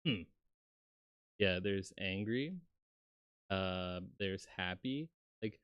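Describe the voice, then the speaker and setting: A man with a lowish, smooth voice talks at an unhurried pace on a casual live stream. He rambles and pokes fun at himself, filling gaps with ums and asides, heard close on a dry microphone. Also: no room sound, dull audio. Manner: rambling and self-deprecating, with many fillers. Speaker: VTuber streamer. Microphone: close desk microphone.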